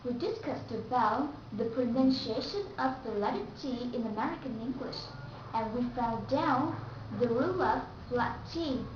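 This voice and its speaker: A woman giving a slow, careful English pronunciation lesson and repeating the example words. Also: on the high side, expressive, noisy background. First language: Vietnamese. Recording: echoey room, distant mic, dull and lo-fi.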